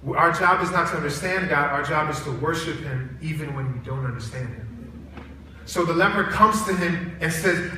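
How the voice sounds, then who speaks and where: Preaching in a big college chapel, this man animates his stories by acting out the voices within them. He speaks at normal speed in a somewhat high voice; a little hiss or hum sits under the distant, echoey sound.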